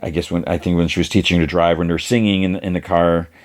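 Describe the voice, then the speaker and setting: Low-voiced man rambling through a recap. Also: steady tone, fast. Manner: rambling, filler-heavy, briefly voices characters. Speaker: podcast host. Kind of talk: casual episode recap.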